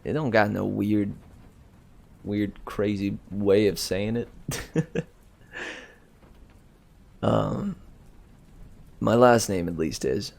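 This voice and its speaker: Male story reader in a loose aside, chuckly and self-amused, with a low, creaky voice. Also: very slow, long pauses, darkish tone. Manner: chatty, self-amused, chuckling, trailing off and restarting. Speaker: audiobook reader. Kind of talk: casual rambling aside.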